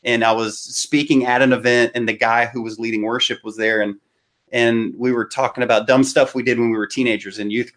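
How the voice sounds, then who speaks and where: A man, a guest preacher on a podcast, telling embarrassing stories in a lively way with laughs. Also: lowish voice. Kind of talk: casual storytelling.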